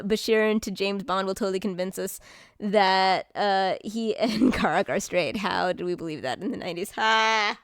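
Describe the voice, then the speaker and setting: Woman streamer, rambling and excitable, hiccuping, casual chat; slightly high voice, dry close sound. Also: clean tone, dry recording.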